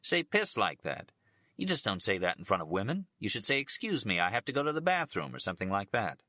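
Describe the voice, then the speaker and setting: A man voicing a gentlemanly male ballplayer who speaks politely and slowly while correcting a friend. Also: lowish voice, big pitch swings, no echo, clean studio sound. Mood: reproving.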